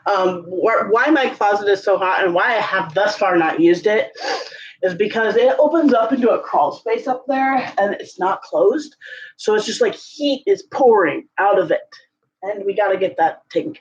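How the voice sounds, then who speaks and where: A woman's voice: expressive, normal speed, dull audio. A woman chatting casually at home in a vlog, sick, her voice strained and forced, rambling with many fillers. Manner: rambling, many fillers, coaxes cat in high sing-song calls. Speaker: vlogger. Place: home closet, indoors.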